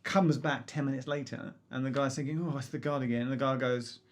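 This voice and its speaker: A man co-hosting a casual quiz livestream, telling a story in an animated way and laughing often. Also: mid-range voice, a little fast. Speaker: quiz co-host.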